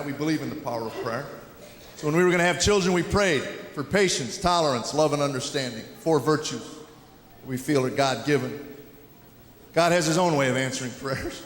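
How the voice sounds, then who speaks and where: A middle-aged man from Tennessee doing a stand-up routine, telling family stories in a deadpan way with quick acted-out quotes. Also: on the high side. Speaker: stand-up comedian. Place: comedy stage before a live audience. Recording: echoey hall with audience noise.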